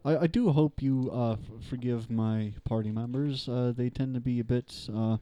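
Mellow-voiced man playing a game. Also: medium pitch, fairly even intonation, normal speed, clear, resonant tone, no room sound. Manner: jokey, laughing. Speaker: player. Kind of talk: casual tabletop role-play.

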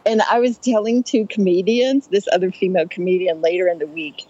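A woman comedian telling a funny story on a podcast, chatty and animated, acting out the voices of the people in it. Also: mid-range voice, fairly quick, breathy edge, lo-fi sound. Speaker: stand-up comedian and rideshare driver.

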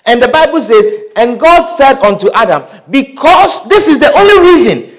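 A male preacher with a high, lively voice delivers a sermon. He reads scripture aloud and repeats his phrases for emphasis. He often stops to ask the congregation questions. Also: moderate pace.

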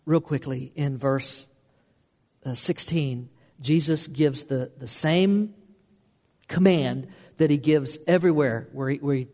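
A man's voice: on the high side, darkish tone. A man preaching a sermon as pastor, earnest and repetitive, often restarting phrases for emphasis. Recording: long hall reverb.

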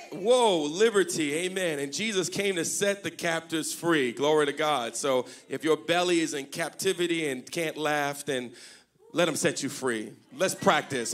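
A man's voice: on the high side, moderate pace. A man preaching a sermon to his congregation, joking and calling for responses. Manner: call-and-response, joking, rising to shouts. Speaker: pastor. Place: church service before a congregation.

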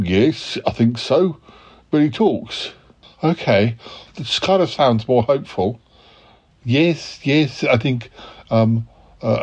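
A man's voice: mid-range voice, a little mellow, breathy edge, lo-fi sound. A man hosting a comedy podcast, polite and hesitant, full of ums and stammered restarts. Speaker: podcast host. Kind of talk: improvised comedy sketch.

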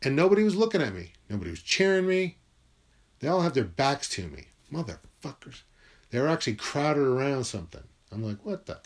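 A man telling a personal story from his school days in a wry, profane, animated way. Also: mid-range voice, fast.

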